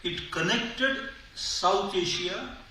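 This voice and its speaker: High bright-voiced man in echoey hall. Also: slow. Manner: discursive, hesitant fillers, wry humor. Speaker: convention speaker. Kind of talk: public speech. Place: large convention hall. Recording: echoey hall, far from mic, faint noise.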